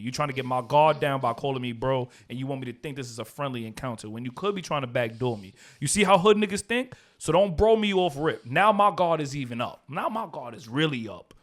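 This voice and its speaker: A man's voice: mid-range voice, lively intonation, quick pace, hardly any pauses. A man co-hosting a podcast, talking casually with slang and joking animatedly. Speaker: podcast co-host. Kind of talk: casual chat.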